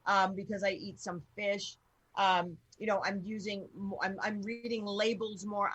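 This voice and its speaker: A woman's voice: medium pitch, fairly bright tone, breathy edge, no echo. A woman hosting a casual interview show, blunt and rambling, who swears freely. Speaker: radio show host.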